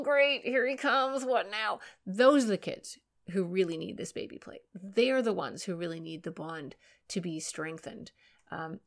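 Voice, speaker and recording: A woman's voice: mid-range voice, vocal fry. A woman parenting educator speaking on a podcast, telling stories with acted-out voices and giving earnest, emphatic advice. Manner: earnest storyteller, acts out quoted voices. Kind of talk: podcast talk.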